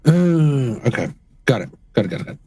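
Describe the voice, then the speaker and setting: A man's voice: medium pitch, sing-song, a little fast, mellow, husky, no room sound. A man playing a tabletop role-playing game, talking hesitantly with many fillers. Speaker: player. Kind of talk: tabletop role-play chat.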